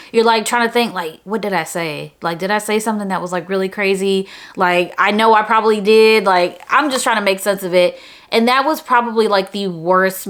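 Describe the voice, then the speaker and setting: Woman, vlogger, casual storytelling to camera, animated, high-pitched quoted voices. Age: adult. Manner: animated, jumps to high pitch when quoting herself.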